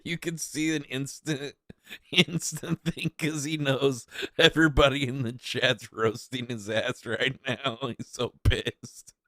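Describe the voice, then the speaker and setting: A man's voice: medium pitch, steady tone, takes it slowly, sharp tone, no room sound, studio quality. A man casually commentating on streamer clips, laid-back and rambling, often poking fun at himself.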